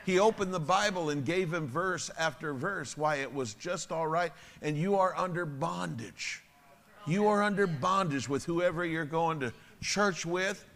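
A man's voice: a little high, measured pace, a bit bright, long reverb tail. A man preaching at a church service, telling blunt, emphatic stories with a chuckle. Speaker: pastor. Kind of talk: sermon storytelling.

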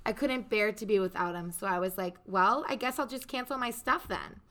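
A young woman hosting a casual podcast, chatty and loose with swearing. Her voice is very bright, sitting at an ordinary middle pitch. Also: brisk. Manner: chatty, swears freely, storytelling. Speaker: podcast host. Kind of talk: casual chat.

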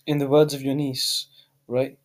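A man's voice: mid-range voice, flat delivery, moderate pace. A man co-hosting a casual podcast, teasing his partner in a dry, needling way. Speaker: podcast co-host. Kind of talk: casual banter.

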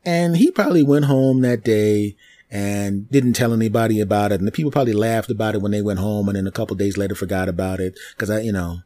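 A man hosting a comedy podcast, telling a story in an animated, repetitive way with mouth sound effects. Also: fairly low pitch, fast talker, dry recording. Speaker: podcast host.

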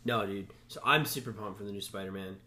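A man in a casual chat about films, excitable, swearing often and trailing off mid-sentence. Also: lowish voice, quick pace, slight background noise.

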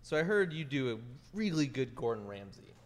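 A man hosting a live podcast on stage, calmly guiding the segments. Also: medium pitch, fairly quick, long reverb tail, background noise. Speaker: podcast host.

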